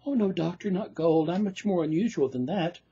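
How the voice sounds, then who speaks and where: Man playing a neurotic patient, husky, raspy voice, mellow tone, dull lo-fi recording. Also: sits high, brisk. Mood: insistent. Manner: dramatic, rhyming, plaintive delivery. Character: anxious, self-dramatizing male patient, neurotic. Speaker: performer reading a play. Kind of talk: theatrical monologue.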